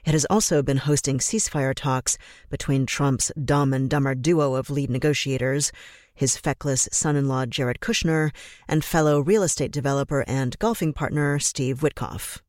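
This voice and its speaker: A man delivering scripted political commentary in a measured, grave and emphatic way. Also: medium pitch, steady tone, darkish tone, no room sound, clean studio sound.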